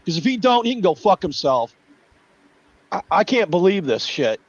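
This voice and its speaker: A man's voice: high-pitched, big pitch swings, normal speed, dry recording, dull audio. A man hosting a livestream, ranting angrily and swearing nonstop at politicians. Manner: furious, swearing, shouting at politicians. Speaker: livestream host. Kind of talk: angry profane rant.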